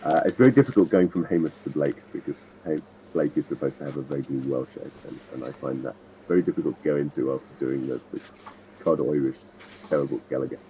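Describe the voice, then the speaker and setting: A man's voice: very deep voice, fast, warm tone. A man at a tabletop game, chatting casually and explaining his characters in rambling, self-correcting asides. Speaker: tabletop player. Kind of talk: casual chat. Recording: dull lo-fi sound, faint noise.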